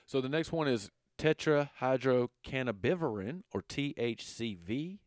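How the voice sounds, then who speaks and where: A man with a Southern accent giving a casual lesson, relaxed and full of fillers, stumbling over long chemical names. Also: mid-range voice, measured pace, dry recording, studio quality. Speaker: educator.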